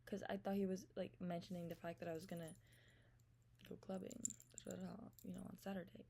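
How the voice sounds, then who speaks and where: A young woman telling a storytime rant to her viewers, animated, swearing freely and acting out what was said. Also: fairly low pitch, fairly quick, creaky, slight background noise. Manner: animated, swears freely, acts out quoted texts. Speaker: vlogger.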